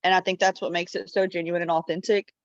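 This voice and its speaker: A woman team member explaining a sales idea on a video call, in a relaxed, conversational way. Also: fairly low pitch, quick pace, no room sound. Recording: dull, dry video call audio.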